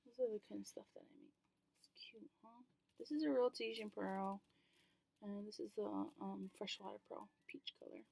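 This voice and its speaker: A woman's voice: medium pitch, steady tone, moderate pace, creaky, warm tone. A woman vlogger talking candidly to camera in a casual, rambling way, with many ums and casual swearing.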